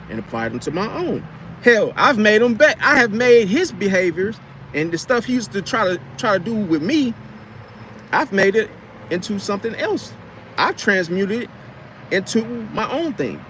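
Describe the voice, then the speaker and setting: A man with a high voice rambles through a casual story in a loose, slangy way, tripping over and repeating his words. Faint traffic hums in the background, as if he is talking outdoors near a street. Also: fairly bright tone. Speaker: vlogger telling a story from his car repair job.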